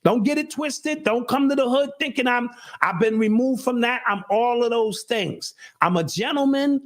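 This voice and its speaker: A man's voice: very high-pitched, moderate pace. A middle-aged man in casual chat, talking earnestly and a bit preachily, often repeating words as he restarts. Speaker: show host and guest.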